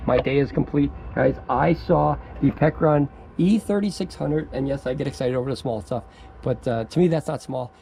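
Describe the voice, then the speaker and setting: A man with a gravelly, mellow voice rambles through an off-the-cuff review outdoors, stammering and restarting. He gets giddy and laughs easily. Faint outdoor noise sits behind him. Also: medium pitch, moderate pace, low-quality recording. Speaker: product reviewer. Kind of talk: excited off-the-cuff video review.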